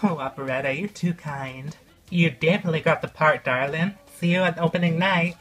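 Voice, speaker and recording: A woman's voice: deep voice, fairly quick, faint music behind, lightly acted. A woman voicing a gushing, theatrical girl who runs a school musical in a doll play. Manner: gushing, calls people darling.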